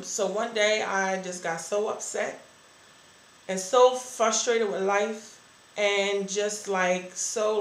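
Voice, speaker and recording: A woman, a church member, shares a candid and earnest testimony about her church life. Her mid-range voice has a fairly bright tone, heard in a reverberant, rough recording with slight background noise.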